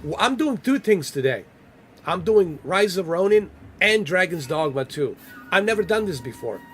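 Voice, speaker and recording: Male streamer, playful running commentary over gameplay, voice a bit high, light hiss under it. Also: very animated, moderate pace. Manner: loose and joking, banters with chat and the game. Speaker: gaming livestreamer. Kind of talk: casual live commentary.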